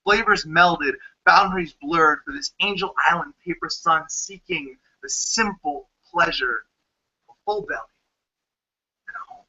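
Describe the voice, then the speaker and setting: A man with a New Jersey accent performs spoken word poetry, his voice high and piercingly bright. His delivery is punchy and sardonic, peppered with profanity. The livestream audio is dull and lo-fi. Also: a little slow. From United States. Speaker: poet.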